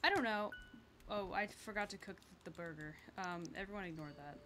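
A woman's voice: medium pitch, brisk, noisy background. A woman streamer chatting through a game, swearing freely and poking fun at herself. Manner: chatty, sweary, self-mocking. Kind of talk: casual gameplay commentary.

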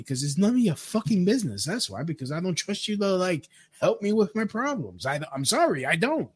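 A man's voice: high-pitched, very animated, brisk, few pauses, slightly rough. A man giving a crude, rambling rant, with frequent stammered restarts. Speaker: commentator. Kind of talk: profane rant commentary.

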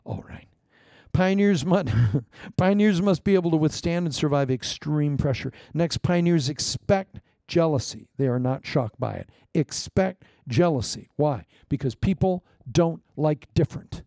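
A middle-aged man preaching a sermon as pastor, joking, with loud declarations and quiet asides. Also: fairly high pitch, unhurried, dry recording, studio quality. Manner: lively, joking, swings between loud proclamations and quiet asides.

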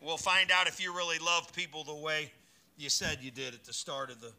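A male pastor preaching a sermon at a church service, folksy and joking between scripture readings, growing louder and higher when he reads and exhorts. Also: flat delivery, a little fast.

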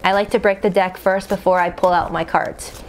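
A woman's voice: on the low side, fairly even intonation, normal speed, background noise. A woman giving a casual, emphatic tarot reading, talking straight to her viewers and often checking in with "okay?". Her speech stays loose and conversational. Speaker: tarot reader.

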